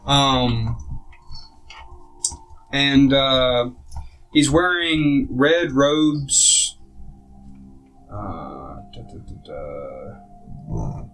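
A man narrating a tabletop game as game master, relaxed and halting with fillers. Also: medium pitch, soft background music, poor audio.

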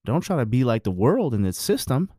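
A man's voice: medium pitch, very animated, brisk, warm tone, husky, no room sound. Blunt, profane man with a dry voice. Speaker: married man giving relationship views. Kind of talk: casual monologue.

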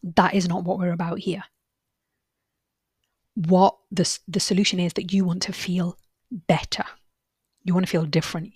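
Husky-voiced woman therapist, earnest and reassuring. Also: lowish voice, flat delivery, normal speed, pauses often, darkish tone, no echo, studio quality. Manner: earnest and reassuring, repeats phrases for emphasis. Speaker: solution-focused therapist, podcast host. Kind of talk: podcast monologue with client anecdotes.

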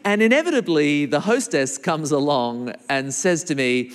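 An animated man in his forties preaches to a crowd, his voice sitting fairly high and swinging widely in pitch. He tells stories playfully and acts out other people's voices. The sound carries a long, echoey hall reverb. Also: normal speed, few pauses. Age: 40s. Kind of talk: sermon with storytelling.

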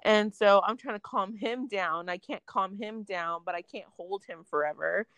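A woman's voice: mid-range voice, moderate pace, no echo. Young woman ranting about her day, swears a lot, says like constantly, dry close sound. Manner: animated venting, heavy filler words, swearing. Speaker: storyteller in a casual chat. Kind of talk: casual chat.

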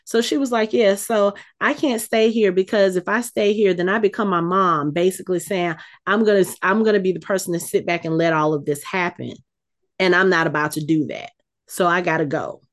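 A woman co-hosting a casual chat, retelling a scene with lively, acted-out quotes. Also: fairly low pitch, brisk. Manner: animated storytelling, acts out quotes. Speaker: podcast co-host recapping a TV episode.

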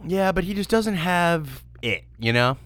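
A man's voice: fairly high pitch, lively intonation, measured pace, a bit bright, dry recording. A young man co-hosting a podcast, chatting casually with sarcastic, rambling jokes and frequent laughs. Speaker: podcast co-host reviewing beer. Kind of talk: casual comedic chat.

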